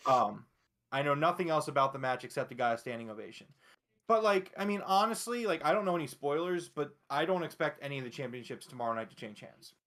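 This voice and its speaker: A man's voice: a little high, animated, quick pace, fairly bright tone. A man co-hosting a wrestling podcast, blunt and opinionated, answering the chat. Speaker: podcast co-host.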